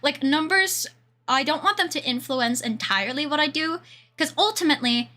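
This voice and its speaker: Young Swedish woman streamer, high bright voice with lots of bounce, giggly and rambling. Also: expressive, normal speed. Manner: giggly, rambling, frequent laughter. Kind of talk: casual livestream chat.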